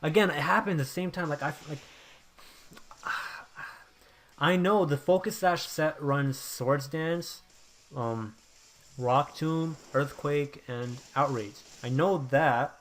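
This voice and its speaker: A young man giving live commentary over his own game, swinging between quiet muttering and loud outbursts. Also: on the high side, measured pace. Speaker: gameplay commentator.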